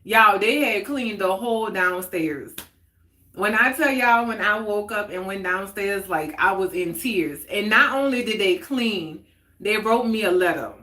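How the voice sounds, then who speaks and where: Slow-talking woman in a roomy echo. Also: medium pitch, lively intonation, pushed and bright. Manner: chatty and candid, answers viewer comments aloud, laughs often. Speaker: host of a live talk stream. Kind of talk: casual heart-to-heart chat. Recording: roomy echoey sound.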